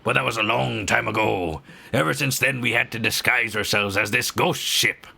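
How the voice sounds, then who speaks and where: A man doing a gravelly old pirate captain. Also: mid-range voice, bright, forceful tone, pitched below the performer's own voice, full character voice. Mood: gruff. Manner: slow, grave warnings. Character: gruff older male pirate captain. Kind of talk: reading game dialogue aloud.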